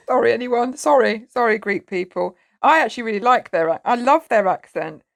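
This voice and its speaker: A woman's voice: fairly high pitch, expressive, moderate pace, vocal fry. An English woman co-hosting a podcast teases her friends in a bubbly way. She gasps and laughs often. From England. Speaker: podcast co-host. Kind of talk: casual chat among friends.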